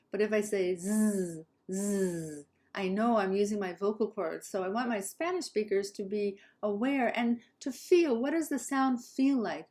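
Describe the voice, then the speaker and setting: A woman from Southern California with a Southern Californian accent, teaching English pronunciation slowly and carefully and modeling sounds for learners to repeat. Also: on the high side, a little mellow. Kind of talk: pronunciation lesson.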